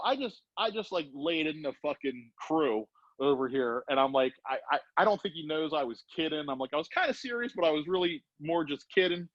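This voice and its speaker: Animated, swearing storyteller man, dull lo-fi sound. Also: on the high side, no echo. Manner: profane, animated, acts out voices in anecdotes. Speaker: podcast guest, former BMX rider. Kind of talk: casual storytelling. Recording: dull lo-fi podcast audio.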